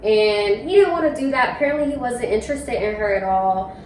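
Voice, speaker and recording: A young woman chatting casually, full of likes and ums, in a fairly high voice. She sits away from the mic. The room gives an echo, with a faint hiss behind. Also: fairly quick, darkish tone. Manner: chatty storyteller with lots of fillers. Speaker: co-host friend. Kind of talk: casual chat. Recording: roomy echo, from far off, faint noise.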